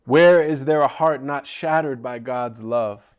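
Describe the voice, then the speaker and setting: A man's voice: medium pitch, unhurried, smooth, natural voice. A man voicing a grieving merchant who laments his lost bird in a mournful, pleading recitation.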